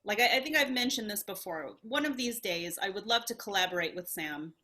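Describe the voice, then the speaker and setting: A woman sharing her thoughts in a casual group video call, thoughtful and hesitant, with many pauses and fillers. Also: mid-range voice, lively intonation, bright, forceful tone. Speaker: study group participant.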